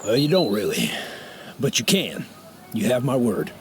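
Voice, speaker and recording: A man's voice: medium pitch, big pitch swings, unhurried. An actor playing a protective, hot-tempered trucker who talks to the player in a fatherly, familiar way, from a video game. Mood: friendly. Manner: fatherly, calls the player young blood. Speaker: game character. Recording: game audio with music behind.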